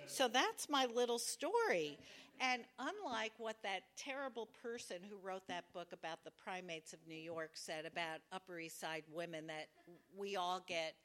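A woman's voice: medium pitch, pushed and bright. A woman telling a wry, self-deprecating personal story at a live storytelling event, acting out the voices she quotes.

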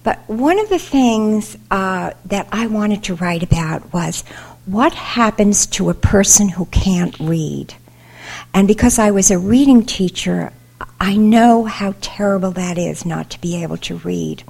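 A woman's voice: medium pitch, a little slow, gravelly. An older woman, a children's author, telling funny stories to a young audience and then reading aloud from her book. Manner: chatty, humorous, animated storytelling. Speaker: children's author visiting a school.

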